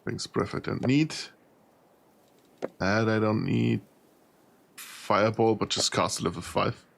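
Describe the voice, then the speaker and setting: A man's voice: fairly low pitch, fairly even intonation, takes it slowly, vocal fry, fairly bright tone, a little hiss or hum. A tired man streaming a role-playing game, thinking aloud as he sorts loot, often laughing. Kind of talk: casual gameplay commentary.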